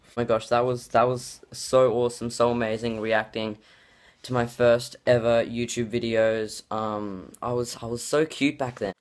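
A man chatting casually to camera at a mid-range pitch, stringing thoughts together with constant filler words and false starts. He gushes with excited exclamations as he talks, in a loose, unscripted vlog manner. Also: moderate pace. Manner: rambling, heavy use of "like" fillers and restarts. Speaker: YouTuber reacting to his childhood videos.

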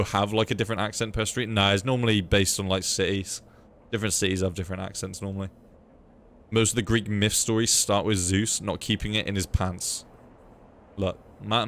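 A man's voice: lowish voice, a bit bright, slight background noise. A young man streaming a game, chatting casually, swearing freely and reading chat aloud. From United Kingdom. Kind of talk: casual live gameplay commentary.

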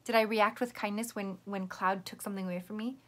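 A woman teacher giving a patient, gentle lesson to young children, explaining step by step. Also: medium pitch, fairly even intonation, quick pace.

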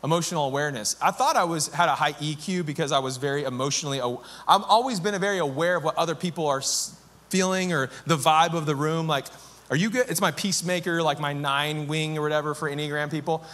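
A man in his thirties, a pastor giving a conversational, self-deprecating and animated sermon. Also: on the high side, fast.

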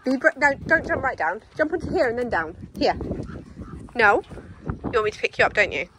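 A young mother talks to her dogs out in the back garden, her voice pitched high and swooping widely as she coaxes and teases them. Her manner is playful and sing-song, with a faint hiss under the recording. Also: sing-song, brisk. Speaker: vlogger and mother. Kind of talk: casual chat with pets and child.

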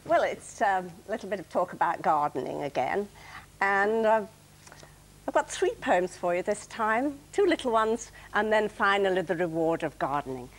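A woman's voice: mid-range voice, animated, moderate pace. An older woman chatting about gardening and reciting her own comic poems with playful timing as a studio guest. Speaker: dictionary corner guest reading poems. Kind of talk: light chat and poetry reading. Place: television studio.

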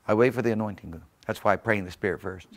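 Gravelly-voiced man preaching a fervent sermon. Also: on the low side, fast talker. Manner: fervent preaching with sudden loud rises and chuckles. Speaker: pastor. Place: church sanctuary.

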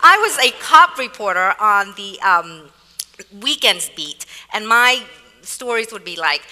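A woman author from Vietnam, a native Vietnamese speaker, talking in an onstage conversation, animated and laughing often. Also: mid-range voice, normal speed. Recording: reverberant hall.

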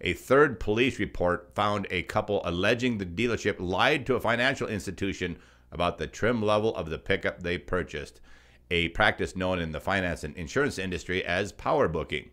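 A man's voice: deep voice, fairly quick, a bit bright. A man reads consumer news reports. He delivers them as a co-host and drops mocking, sarcastic remarks between the facts. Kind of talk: scripted news commentary.

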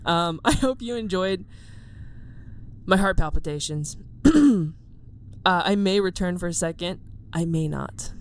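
A woman's voice: on the low side, measured pace, pauses often, a little hiss or hum. A young woman hosting a horror game let's-play, jumpy and swearing, who keeps dropping into a whisper and laughs nervously. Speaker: gaming video host. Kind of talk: casual let's-play commentary.

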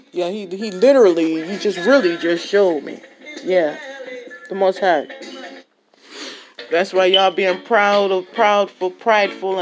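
A woman giving an impassioned, exhorting testimony as a religious vlogger, repeating herself for emphasis. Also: mid-range voice. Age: adult with a child and parents. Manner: fervent, exhorting, repetitive.

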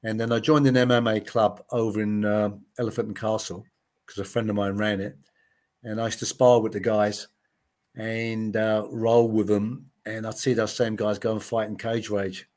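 His voice is lowish and darkish, with little pitch movement and a moderate pace. A former TV gladiator in his late sixties, he recounts anecdotes in a laid-back interview, acting out quoted voices and often saying "you know."

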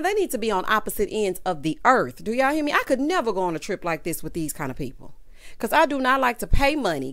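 Sassy, lively woman vlogger. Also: a little high. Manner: animated, calls listeners honey and child. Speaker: reality TV recap vlogger. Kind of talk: sassy casual commentary.

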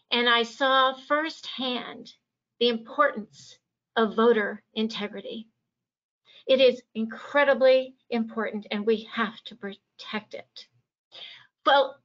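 A woman's voice: a little high, fairly bright tone. A woman from Virginia giving a passionate, emphatic campaign speech as a candidate at a forum. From Virginia, USA. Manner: passionate, emphatic stump speaking. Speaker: political candidate. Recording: dull lo-fi audio.

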